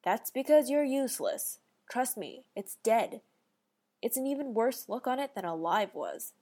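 A brash young male monster hunter with a gruff, swaggering edge, as a woman reader puts him on. He talks in a wisecracking, teasing way, his voice pitched a shade above her own. He comes from a storybook reading. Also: animated, measured pace, mellow. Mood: cocky.

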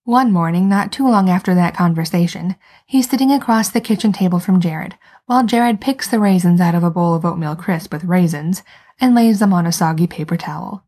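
A woman reads a story aloud with a wry, conversational delivery. Her voice is husky and breathy, set a little low for a woman. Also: a little fast, warm tone. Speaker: narrator. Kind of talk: fan fiction read aloud.

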